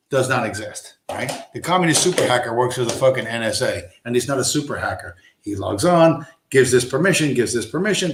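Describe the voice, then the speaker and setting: A man's voice: mid-range voice, lively intonation, brisk, few pauses, roomy sound. A man hosting a livestream, ranting in a heated, profane, blunt monologue. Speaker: livestream host.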